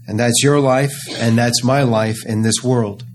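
A man preaching a sermon, earnest and emphatic, slowing down to stress key phrases. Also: mid-range voice, steady tone, a little hiss or hum.

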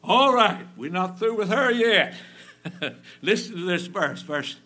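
A man preaching a fervent sermon, swinging from loud emphasis down to a near whisper and repeating phrases for effect. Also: sits high, lively intonation, takes it slowly.

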